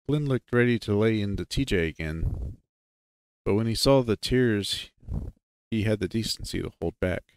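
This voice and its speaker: Low-voiced man narrating a story. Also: normal speed, a little hiss or hum. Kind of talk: first-person story narration.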